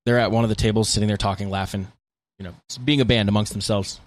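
Low-voiced, fast-talking male podcast host. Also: steady tone, no echo. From United States. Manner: laid-back storytelling, frequent fillers. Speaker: podcast co-host, band guitarist. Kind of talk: casual chat.

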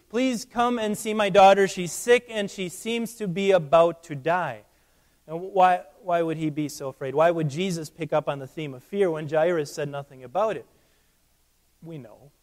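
A man preaching a sermon as a pastor, swinging from loud emphatic peaks to hushed low passages and often repeating words as he starts a phrase. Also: long reverb tail.

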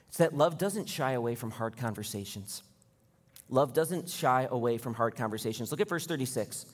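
A man in his thirties preaching a sermon as pastor, direct and conversational, asking the congregation questions. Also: medium pitch. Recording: long hall reverb.

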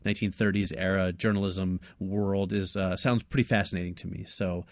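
Friendly guy cohosting a movie podcast, lowish voice, dry close sound. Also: little pitch movement, no echo. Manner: upbeat, friendly, quick to laugh. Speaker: podcast co-host. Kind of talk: casual film podcast chat.

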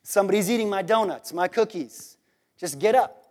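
A man's voice: sits high, moderate pace, lightly acted. Guy doing a casual slangy apostle, bossy and offhand, sermon retelling. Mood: pushy, offhand. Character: the apostle Peter, bold male preacher.

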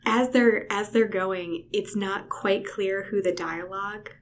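A woman co-hosting a casual book discussion, enthusiastic and expressive. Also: medium pitch, slow pace, slight background noise. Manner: enthusiastic, reads passages expressively. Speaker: podcast co-host.

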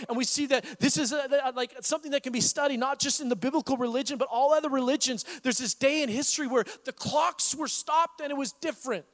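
A man preaching a sermon as pastor, animated and acting out the voices of Bible figures. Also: extremely high pitch, in a large hall.

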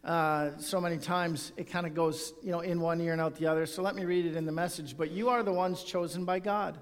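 A man's voice: fairly high pitch, fairly even intonation, a little fast, big-room sound. A male pastor preaching a sermon and reading scripture aloud, in an earnest tone.

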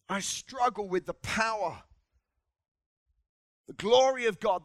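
A man preaching a sermon in a church with passion, rising to shouts and calling the congregation to respond. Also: sits high, takes it slowly, long pauses, dry recording. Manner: impassioned, shouting in bursts, congregational call-and-response.

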